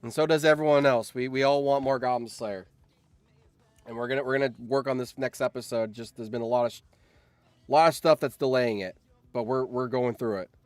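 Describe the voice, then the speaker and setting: A man streaming live, reacting excitedly and yelling in surprise on a close mic. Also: mid-range voice, a little fast, no room sound. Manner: excitable, yells in surprise, laughs often.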